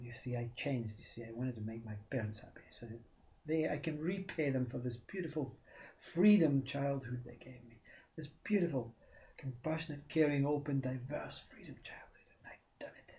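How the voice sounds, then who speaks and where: A man tells a spiritual parable with a soft, mellow tone, repeating words for emphasis and slipping into whispers. The delivery swings between loud bursts and near-silence. The recording is dull and lo-fi. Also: medium pitch. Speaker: spiritual storyteller. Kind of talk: storytelling talk.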